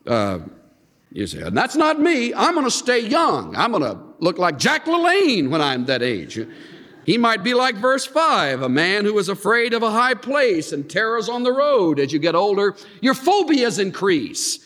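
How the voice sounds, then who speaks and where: A man preaching a sermon, reading scripture aloud and acting out quoted lines with an animated, swinging delivery. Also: unhurried. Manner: animated, swings high and low to act out quotes. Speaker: pastor. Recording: long hall reverb.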